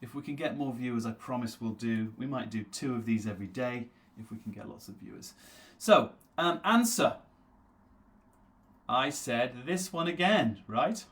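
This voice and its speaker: Man, English teacher, live online class, slow repeated pronunciation drills, answers chat comments by name, mid-pitched voice. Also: animated, fairly bright tone. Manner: reads viewer names aloud from the chat and answers them.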